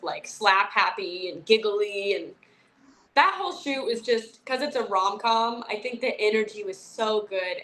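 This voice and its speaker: A young woman, an actress, chatting casually in an interview, telling animated stories with lots of fillers. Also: medium pitch.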